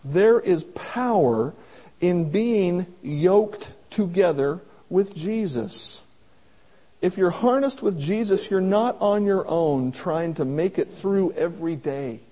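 A man preaching a sermon in a folksy, plain-spoken way, slowing down to stress each scripture quote. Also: high-pitched, lively intonation, mellow, breathy edge, rough recording. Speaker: pastor.

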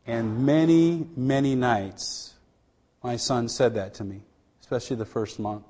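A middle-aged missionary man gives a personal testimony in a medium-pitched voice. He speaks earnestly and haltingly with many restarts, dropping to a hush at tender moments.

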